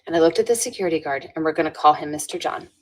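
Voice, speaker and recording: A woman's voice: deep voice, racing. A woman guest on a podcast, telling an earnest story with restarts and frequent "right?" tags. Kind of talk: storytelling in a conversational interview.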